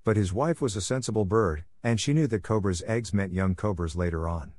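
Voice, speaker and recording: A man reads a classic story aloud in a steady, clear manner for English learners. His voice is fairly low. The recording is dry and close, with no room sound. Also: a little fast, no echo. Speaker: audiobook narrator.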